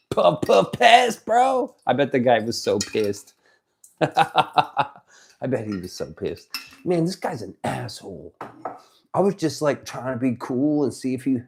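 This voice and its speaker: A man streaming live, chatting casually with viewers, reading their messages out, excitable and swearing as he jokes around. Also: mid-range voice, gravelly. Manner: excitable, swearing, joking banter. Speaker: livestreamer.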